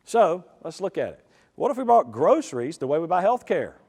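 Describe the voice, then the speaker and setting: A man giving a lively, folksy talk to a live conference audience, with many quick asides. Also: on the high side. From United States. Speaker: conference speaker. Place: conference hall. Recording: reverberant hall.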